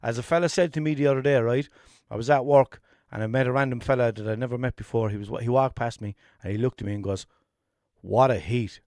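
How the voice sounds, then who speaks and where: A man's voice: mid-range voice, quick pace, a little mellow, dry recording, clean studio sound. A man with a Limerick Irish accent hosting a solo comedy podcast, rambling and self-mocking, swearing casually. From Ireland. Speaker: podcast host.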